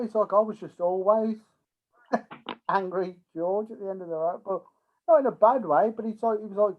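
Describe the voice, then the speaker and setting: A man, a scaffolder, chatting candidly as a guest and laughing between phrases. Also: high voice. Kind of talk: casual chat. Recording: tinny phone-like sound.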